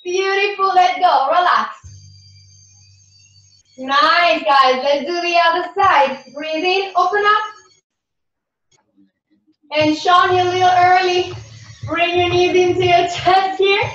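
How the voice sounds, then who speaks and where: High-voiced woman coaching a dance warm-up. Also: slow, long pauses. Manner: encouraging, calm cues, sometimes sing-song. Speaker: dance instructor. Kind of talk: guided warm-up class instruction. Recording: far-off echoey room, dull sound, music behind.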